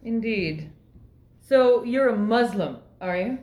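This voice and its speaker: A woman's voice: a little high, animated, a little mellow. A woman reading the part of a zealous female police officer in a play read-through, bossy and suspicious, in a roomy echo. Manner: bossy, suspicious, slow and emphatic.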